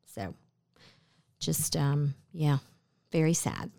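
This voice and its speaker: A woman's voice: low voice, lively intonation, very slow, gravelly. A woman co-hosting a casual radio talk show, chatty and teasing as she quizzes her co-host.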